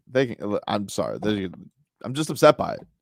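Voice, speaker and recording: A male sports radio host rants with sarcasm, his pitch leaping up and down as he mocks a list. He sits close to a dry studio microphone. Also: big pitch swings, moderate pace, creaky, no room sound. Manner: ranting, sarcastic, loud outbursts. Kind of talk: animated sports talk radio banter. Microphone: studio broadcast mic.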